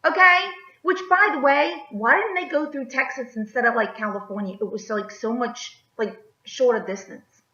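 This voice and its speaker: A woman's voice: extremely high pitch, bright, forceful tone. A woman vlogger delivering an emphatic opinion rant, firing rhetorical questions and tagging lines with "okay?". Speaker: political vlogger. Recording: echoey, slightly dull.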